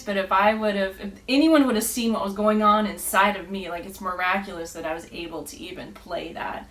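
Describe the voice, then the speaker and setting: A woman's voice: medium pitch, fairly even intonation, fairly quick, hardly any pauses, fairly bright tone, rough recording. A woman guest on a podcast, telling her story earnestly with many fillers and frequent laughter. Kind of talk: casual storytelling.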